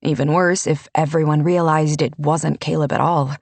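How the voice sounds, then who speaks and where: A woman narrating a fantasy audiobook in a measured, unhurried storytelling manner. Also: low voice, fairly even intonation, darkish tone, no room sound.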